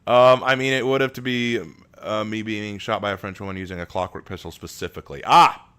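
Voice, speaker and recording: Male streamer, casual live chat, bright tone, jokey and quick to laugh. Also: on the low side, steady tone, smooth. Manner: chatty, joking, laughs often, restarts words.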